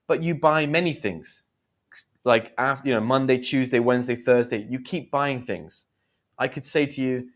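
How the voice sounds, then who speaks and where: A man in his thirties runs a live English lesson on slang. He talks in a chatty way, explaining each word with quick examples and short acted lines, in an even middle voice. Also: mid-range voice. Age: 30s. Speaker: English teacher.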